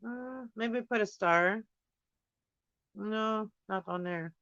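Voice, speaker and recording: A man's voice: sits high, takes it slowly, bright, forceful tone, clean tone, no room sound, muffled recording. A man chatting casually on a home livestream while painting, thinking aloud and drifting from topic to topic. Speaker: livestream host painting on camera. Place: indoors at home.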